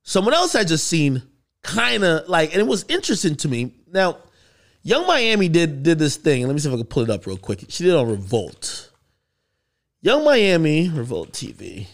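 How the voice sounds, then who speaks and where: A man's voice: a little high, moderate pace, creaky. A man hosting a podcast, giving casual, questioning commentary. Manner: conversational, questioning, animated. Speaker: podcast host.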